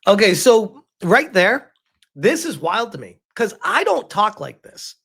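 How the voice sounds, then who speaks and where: A man's voice: high voice, big pitch swings, unhurried, vocal fry, bright, forceful tone, slightly rough. A man giving casual, emphatic commentary as he reacts to a clip, laughing often.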